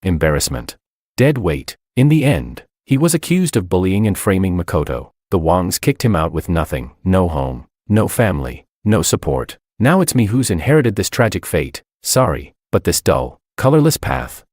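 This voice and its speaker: A man narrating a first-person story in a lively, expressive reading. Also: low-pitched, moderate pace, few pauses, no echo, studio quality.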